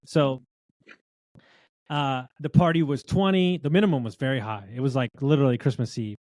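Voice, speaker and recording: A man telling lively restaurant stories in a casual chat, acting out what other people said. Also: mid-range voice, moderate pace, no room sound. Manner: animated storyteller, acts out quotes of others.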